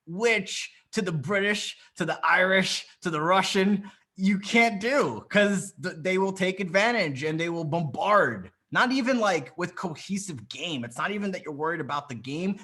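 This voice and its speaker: A man leads a live coaching session over a video call, his voice sitting a little high and carrying a bright, tense energy. He talks bluntly and confidently, swearing as he goes and pressing each point home. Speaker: dating coach.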